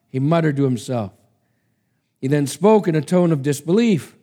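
A man's voice: fairly high pitch, animated, normal speed, warm tone. A man preacher giving a sermon and reading a story aloud in an emphatic, dramatic way. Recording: long hall reverb.

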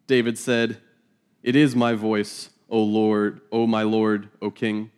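A man's voice: medium pitch, fairly even intonation, takes it slowly, darkish tone. A man reading scripture aloud and teaching it verse by verse, in a casual, joking manner with laughing asides. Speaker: Bible teacher.

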